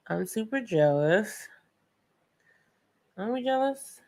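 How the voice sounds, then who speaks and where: A woman's voice: a little high, expressive, a little slow, gravelly, pauses often, a little mellow, a little hiss or hum. A woman with a New York accent hosting a painting tutorial, chatty and playful, talking to viewers like friends. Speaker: art tutorial host. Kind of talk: casual painting tutorial chat.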